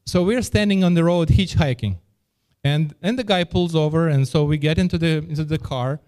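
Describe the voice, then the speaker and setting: A man's voice: on the high side, normal speed, darkish tone, clear, resonant tone. A man preaching a sermon and telling a personal story, speaking earnestly and often repeating words as he restarts his phrases.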